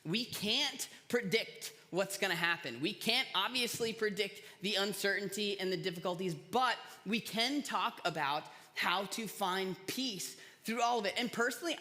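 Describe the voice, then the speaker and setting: A man preaches in a relaxed, storytelling way, slipping in self-deprecating jokes. His voice sits fairly high and sounds bright and forceful. A long reverb from a large church hall trails each phrase. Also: normal speed. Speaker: pastor. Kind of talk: casual sermon.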